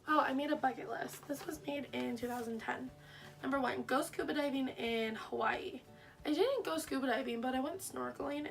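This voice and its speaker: A woman's voice: sits high, distant mic. A young woman vlogger reading her old diary aloud in a casual, self-mocking, wry way, laughing at herself.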